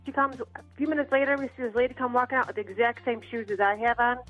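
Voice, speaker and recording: A woman's voice: a little high, fast talker, fairly bright tone, soft background music. A woman calling in to a radio show, telling a story in a breathless, storytelling way. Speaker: caller. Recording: muffled phone-in line.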